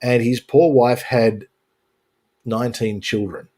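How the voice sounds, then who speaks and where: A man's voice: mid-range voice, steady tone, slow, warm tone. A man hosting a casual panel chat on a live stream, joking and sarcastic, with mock-serious bits, talking into a home mic on a video call.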